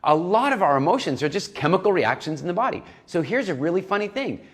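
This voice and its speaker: A man's voice: high-pitched, big pitch swings, fast talker, a bit bright. A man coaching a nutrition program in a recorded lesson, talking animatedly and acting out little inner voices.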